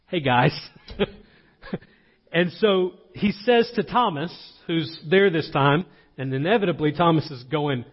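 A man's voice: fairly high pitch, slightly rough, long reverb tail, muffled recording. A man preaching a sermon as pastor, earnest and driving his points home by repeating them. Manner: earnest, emphatic repetition.

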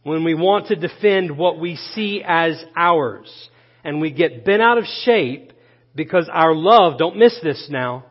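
A man's voice: a little high, measured pace. Preaching man in a reverberant church. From Florida. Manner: emphatic preaching, repeating key phrases and asking the room questions. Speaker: pastor. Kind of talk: sermon. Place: church sanctuary. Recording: dull church recording with long hall reverb.

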